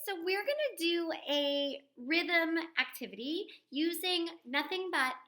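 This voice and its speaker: A woman music teacher giving an online lesson to young children, cheerful and encouraging, speaking slowly and clearly. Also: very high-pitched, expressive, bright, forceful tone.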